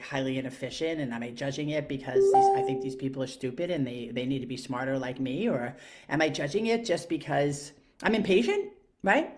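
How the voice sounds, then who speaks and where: A middle-aged woman with a New York accent, telling a reflective story with many fillers and self-questions. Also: sits low. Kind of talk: reflective monologue.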